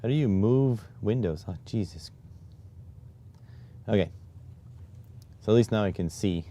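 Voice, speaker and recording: A man with a lowish, dark voice talks a little slowly while streaming live, muttering to himself as he fiddles with display settings. In this casual live-stream talk he grows exasperated and keeps sighing "oh my God."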